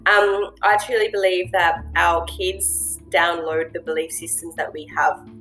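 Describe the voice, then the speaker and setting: A woman's voice: lowish voice, fairly even intonation, measured pace, fairly bright tone, soft background music. A woman hosting a casual monologue, speaking earnestly and reflectively with plenty of ums and you-knows. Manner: earnest, reflective, lots of fillers. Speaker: host.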